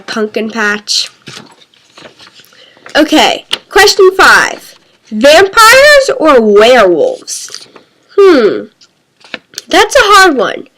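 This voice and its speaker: A woman's voice: a little high, a bit bright. A young female vlogger answering a casual question tag in a playful, giggly way. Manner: playful, giggly, drawn-out words.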